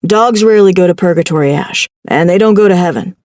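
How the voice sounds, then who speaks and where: A woman voicing a gentle older man, a loving uncle who speaks softly and consolingly. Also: lowish voice, fast talker, slight background noise, natural voice. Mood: gentle explaining. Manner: soft, tender, consoling.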